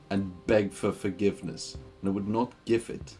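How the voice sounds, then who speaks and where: A man's voice: lowish voice, fairly even intonation, moderate pace, few pauses, warm tone, soft background music. A man streaming a game, joking and rambling with lots of fillers in casual commentary.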